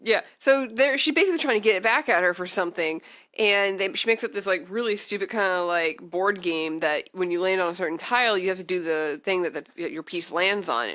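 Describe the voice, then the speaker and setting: Bright-voiced woman retelling anime scenes. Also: on the low side, a little fast. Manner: storytelling, quotes characters playfully. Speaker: podcast co-host. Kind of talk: casual chat.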